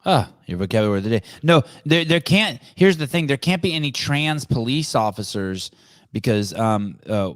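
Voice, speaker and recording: This is a man hosting a live call-in podcast, chatting off the cuff with a sarcastic, profane edge. His voice is low, and the sound is dry and close. He rambles and reacts as he goes. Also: dry recording. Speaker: podcast host.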